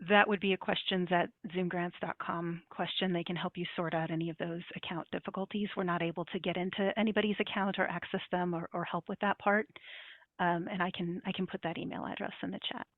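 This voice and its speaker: A woman's voice: fairly low pitch, level tone, fairly quick, dry recording. A woman presenting at an online information session, explaining practical steps in a plain way with frequent fillers. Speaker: grant program presenter. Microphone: video call. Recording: tinny phone-like line.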